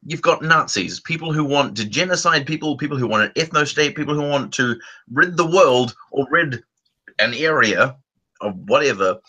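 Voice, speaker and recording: A man's voice: medium pitch, animated, normal speed, pushed and bright, rough recording. A man hosting a casual chat, rambling through long stories, restarting his sentences and laughing as he talks. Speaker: channel host.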